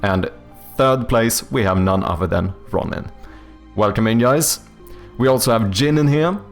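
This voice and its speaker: Faint music plays behind a man speaking a little slowly in a mid-range voice. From Sweden, he streams in English with a British lean, loosely chatting with viewers and answering their messages amid plenty of fillers and restarts.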